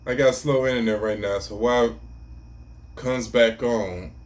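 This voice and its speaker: A man's voice: medium pitch, steady tone, normal speed. A man casually commenting on a clip for a reaction video, laid-back and slangy.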